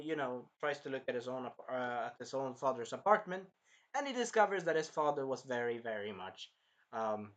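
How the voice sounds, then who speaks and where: A man in his early twenties giving a rambling, casual movie review, jumping between topics with sudden loud outbursts. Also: on the high side. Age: early 20s. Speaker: film reviewer.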